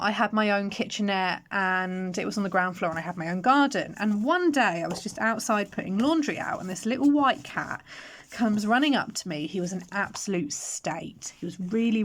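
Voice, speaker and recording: A young woman from England chatting casually through a haul video at home, rambling and stopping to react to each item. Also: mid-range voice. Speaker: vlogger. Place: home room with natural lighting.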